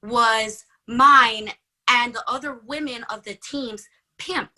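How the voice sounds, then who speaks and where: Bright animated woman telling a story. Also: on the high side, takes it slowly, poor audio. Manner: animated, acts out quoted dialogue. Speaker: guest. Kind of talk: conversational storytelling.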